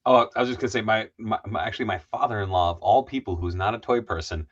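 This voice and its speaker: A man with a low voice hosts a live stream in easy, rambling chat. His sound comes through a dull, lo-fi stream feed. He stops now and then to greet viewers. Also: fast talker. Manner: rambling, reads viewer comments aloud.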